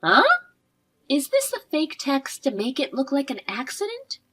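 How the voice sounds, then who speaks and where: A woman narrating a scripted story in a measured, expressive way. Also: high voice. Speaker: narrator voicing the wife.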